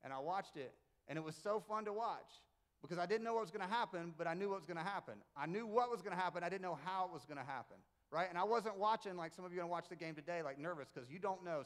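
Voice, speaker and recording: Speaking to a congregation in the church sanctuary, a high-voiced, animated middle-aged man who is both pastor and basketball coach delivers a conversational Easter sermon. He's an emphatic storyteller who drops in jokey asides.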